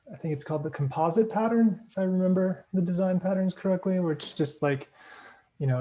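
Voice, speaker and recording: A man in a casual book club discussion on a video call, explaining ideas hesitantly with many pauses. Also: fairly high pitch, gravelly, dark tone. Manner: hesitant, lots of ums, explains slowly.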